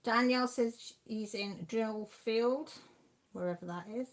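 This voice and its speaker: A woman's voice: a little high, unhurried. Chatty woman reading out viewer comments. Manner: chatty, reads out viewer messages and replies warmly. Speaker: livestream host.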